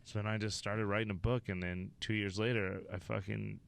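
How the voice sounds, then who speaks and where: A man from Wyoming with a low, gravelly voice spins loose, swear-laden stories as a comedian guest. His talk rambles and restarts in easy conversational chat. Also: level tone, a little fast. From Wyoming, USA. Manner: profane, rambling anecdotes. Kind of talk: casual storytelling interview.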